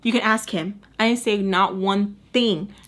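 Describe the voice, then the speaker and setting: A woman's voice: medium pitch, fairly even intonation, measured pace. A young woman telling a storytime, chatty and sassy, acting out what people said. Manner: chatty, sassy, acts out quotes. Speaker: storytime vlogger. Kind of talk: casual storytime.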